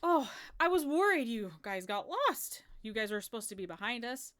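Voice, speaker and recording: A woman's voice: on the high side, very animated, normal speed, a bit bright, voice pushed up. A woman voicing an elegant, kind fairy-tale queen who talks with gracious, light amusement.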